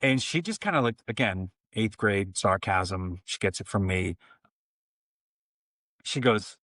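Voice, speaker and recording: A man's voice: on the low side, animated, slow, pauses often, a bit bright, no echo. A man in his forties, a coach and podcast guest, telling family stories in a casual interview and acting out the lines of the people in them. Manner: storytelling, many restarts, acts out quotes.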